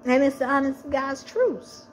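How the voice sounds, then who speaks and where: A woman's voice: high-pitched, lively intonation, unhurried, soft background music. A woman sharing a personal faith testimony, speaking earnestly and repeating phrases for emphasis.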